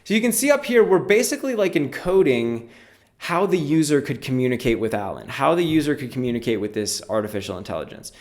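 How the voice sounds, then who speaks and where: A man's voice: mid-range voice, very animated, quick pace, darkish tone. Casual man explaining code step by step. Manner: casual, explanatory, walks through steps aloud. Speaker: programming instructor. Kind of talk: screen-recorded coding tutorial.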